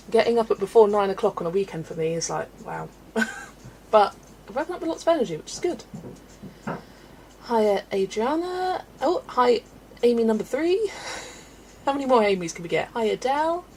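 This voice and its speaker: A woman's voice: fairly high pitch, lively intonation, normal speed, pauses often, darkish tone, a little hiss or hum. A woman hosting a casual livestream, chatty and laughing often as she greets viewers by name, a little out of breath. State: slightly out of breath. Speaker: livestream host.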